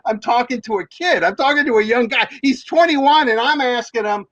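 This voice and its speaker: A man's voice: high-pitched, animated, moderate pace, fairly bright tone, no room sound, highs cut off. A man, a hockey reporter, telling long rambling stories in casual chat, with many fillers and restarts.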